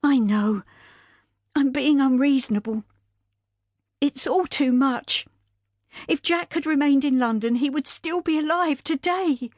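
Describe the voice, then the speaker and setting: A woman's voice: fairly high pitch, fairly quick, darkish tone, no echo, clean studio sound, voice pushed up, natural voice. A woman voicing a grieving, bitter widow. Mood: distraught. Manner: tearful, weary, bitter. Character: grieving widow, middle-aged, proud and sharp.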